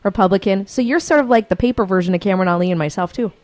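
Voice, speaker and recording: A woman's voice: mid-range voice, racing, darkish tone. A young woman co-hosting a casual radio show, bubbly and laughing often. Her voice sits mid-range and sounds close and dry, with no room echo. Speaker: radio co-host.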